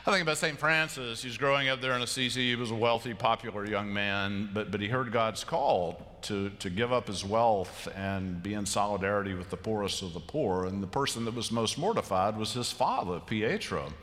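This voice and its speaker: Pastor guy preaching, low voice, big echoey church, chatty, does little voices for the bible folks. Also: moderate pace, hardly any pauses, a bit bright. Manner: conversational, self-amused, acts out voices of biblical figures. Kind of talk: sermon. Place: large church sanctuary. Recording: long hall reverb of a church.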